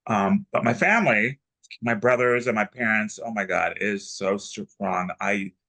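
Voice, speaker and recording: A man with a stutter, chatting as an interview guest in halting sentences with many restarts. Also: fairly low pitch, pushed and bright, rough recording. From Texas, United States. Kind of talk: casual interview chat.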